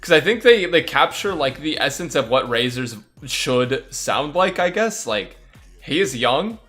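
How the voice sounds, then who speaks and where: Male streamer, casual rambling gaming chat, crisp bright tone, candid opinions. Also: a little high, big pitch swings, unhurried, soft background music.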